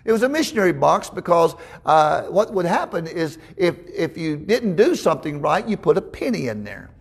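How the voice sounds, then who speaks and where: Guy preaching a sermon, kinda high voice, lots of stumbles and "all right?" asides. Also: very animated, moderate pace, vocal fry, breathy edge. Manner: folksy storytelling, frequent stammered restarts.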